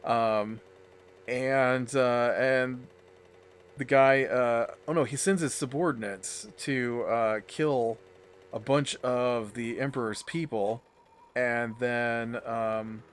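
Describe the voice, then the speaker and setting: A man's voice: medium pitch, steady tone, takes it slowly, slight background noise. A man hosting a let's play, rambling in a chatty way with lots of fillers and restarts while he plays. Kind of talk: casual gameplay commentary.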